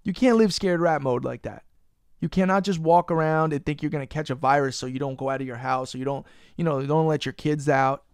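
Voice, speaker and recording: A man's voice: on the high side, a little fast, clean tone, no echo, clean studio sound. A man hosting a casual podcast. He rants, swears freely and teases his co-host. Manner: profane, ranting, teasing his co-host.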